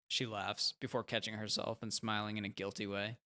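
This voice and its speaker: A man's voice: on the low side, little pitch movement, brisk, hardly any pauses, bright, forceful tone. A man reading a first-person fiction story aloud in a plain, conversational way. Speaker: narrator. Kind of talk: first-person audiobook narration.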